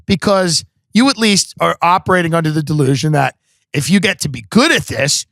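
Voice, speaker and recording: Animated, profane comedic storyteller, a man. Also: fairly high pitch, fairly quick, gravelly, no echo, clean studio sound. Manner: animated, profane, full of impressions. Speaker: podcast host.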